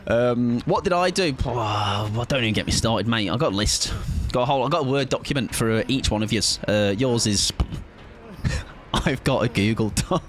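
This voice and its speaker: A young man streaming a game live, rambling and joking with his viewers, laughing often and breaking into excited outbursts. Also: mid-range voice, normal speed, slight background noise. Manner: rambling, jokey, chats to viewers while playing. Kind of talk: live gameplay commentary with chat.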